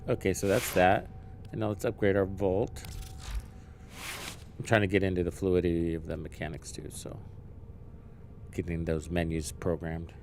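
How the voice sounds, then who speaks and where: A man live-streaming a game, chatting casually, thinking out loud and swearing freely as he learns the menus. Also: low voice, little pitch movement, normal speed, long pauses, a little hiss or hum.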